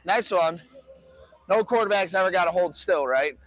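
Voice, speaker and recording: A man's voice: high-pitched, normal speed, a bit bright. A man coaching a quarterback through drills on an outdoor field, giving direct, encouraging instructions. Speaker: football coach.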